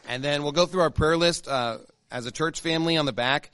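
A man's voice: on the high side, a little fast, a bit bright, a little hiss or hum. A man, a pastor giving church announcements in a casual, chatty way with many fillers and restarts. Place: church sanctuary.

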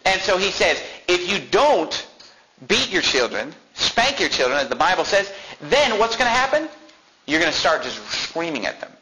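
A male pastor preaching a sermon, reading verses slowly and then explaining them with emphasis. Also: high-pitched, sing-song, bright, forceful tone, rough recording.

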